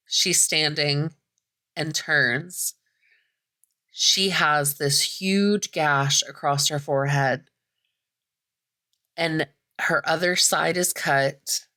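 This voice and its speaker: A woman's voice: deep voice, bright, forceful tone. A woman podcast host casually recapping a movie plot, chatty, full of "like" fillers and casual swearing.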